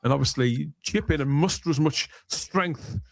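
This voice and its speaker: A host steering a podcast chat in a jovial, talkative way. His voice sits a touch high, and the recording is dry and close. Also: normal speed, gravelly, no room sound. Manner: jovial, chatty, leading the talk. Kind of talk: casual podcast hosting.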